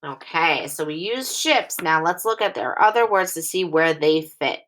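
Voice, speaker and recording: A woman teacher giving a recorded phonics lesson for young children, reading sentences aloud slowly and clearly in phrases. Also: low-pitched, expressive, a bit bright.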